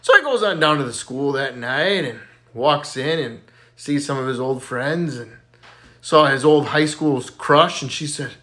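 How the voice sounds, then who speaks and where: A man's voice: mid-range voice, unhurried, pushed and bright. A man telling dirty jokes in a casual, folksy storytelling way. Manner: folksy storyteller, plays each character with a raised voice. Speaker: joke teller.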